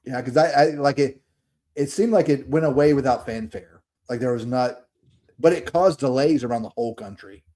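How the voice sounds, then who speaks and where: A man's voice: medium pitch, moderate pace, warm tone. Joking Southern man from Alabama. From Alabama, USA. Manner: joking, laughs often, chatty. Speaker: podcast co-host. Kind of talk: casual podcast chat.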